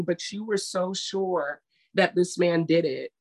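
A woman's voice: lowish voice, fairly even intonation, moderate pace. A woman co-hosting a casual chat, telling stories emphatically and acting out what people said. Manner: emphatic, retells scenes with quoted voices. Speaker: podcast co-host.

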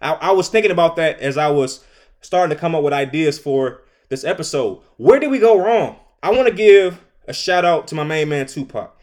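Opinionated man with a high voice. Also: normal speed. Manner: animated, opinionated, laughs between points. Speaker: podcast host. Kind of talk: solo commentary monologue.

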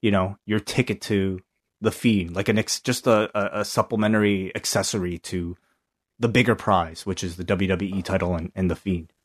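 A man's voice: low voice, fairly even intonation, moderate pace. A man co-hosting a podcast in casual chat, offhand and hesitant, swearing now and then. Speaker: podcast co-host.

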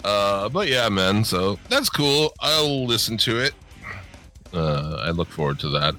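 A man co-hosts a casual podcast, talking in a low voice with a bright, forceful edge. He rambles, swears often, and leans on fillers. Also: big pitch swings, a little slow, faint music behind. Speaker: podcast co-host. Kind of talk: casual chat.

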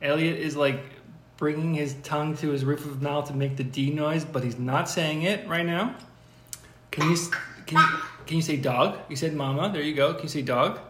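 A young father hosting a casual podcast, gently and patiently coaxing his toddler to say words. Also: fairly high pitch, moderate pace, reverberant, a little hiss or hum. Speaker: podcast host.

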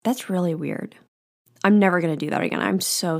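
A woman's voice: fairly low pitch, brisk, creaky, a little mellow. A woman in her twenties hosting a solo podcast, chatting casually in a rambling, self-deprecating way with lots of filler words. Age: 20s. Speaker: podcast host.

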